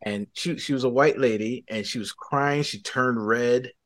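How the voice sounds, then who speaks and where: A man recounts his faith testimony in a mid-range voice. His telling is lively and often stumbles into restarts. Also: mid-range voice, a little slow. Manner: animated storyteller with frequent restarts. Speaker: podcast guest.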